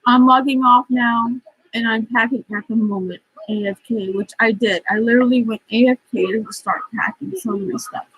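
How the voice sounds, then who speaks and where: A woman's voice: a little high, normal speed, fairly bright tone, slightly rough, no room sound, rough recording. A woman vlogging casually, reading out chat messages and venting in a frustrated, profane, rambling way while upset and stressed.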